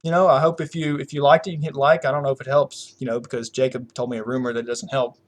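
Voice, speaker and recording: A man's voice: mid-range voice, level tone, racing. A young man hosting his channel, chatting casually in a loose, rambling and joking way. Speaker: channel host. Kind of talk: casual chat.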